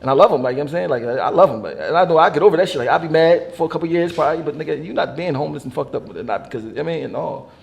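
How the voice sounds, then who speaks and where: A man telling stories in casual, profane conversation, animated and laughing as he goes. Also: fairly high pitch, rapid-fire, vocal fry. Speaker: artist being interviewed. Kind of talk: casual storytelling chat.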